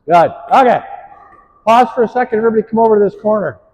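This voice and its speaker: A man's voice: sits high, quick pace, a little mellow, rough recording. A man coaching players on the court, upbeat and encouraging as he calls out praise and instructions. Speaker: pickleball coach.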